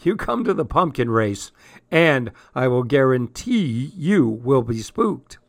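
A man playing a playful father with a sly, teasing grin in his voice, speaking slowly in a storybook reading. The sound is close and dry. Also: medium pitch, very animated, dry recording. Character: playful father planning a scare.

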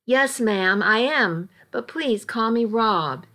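A woman voicing a gentle, soft-spoken male rancher with a Texan drawl, in a read-aloud story. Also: fairly high pitch, lively intonation, takes it slowly, full character voice. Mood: soft courteous.

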